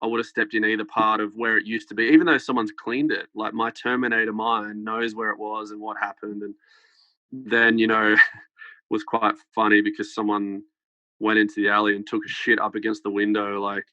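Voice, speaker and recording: Rambling young man, flat low voice. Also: normal speed, dry recording. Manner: rambling, many fillers, laughs while telling. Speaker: podcast guest. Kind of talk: casual storytelling. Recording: dull lo-fi podcast sound.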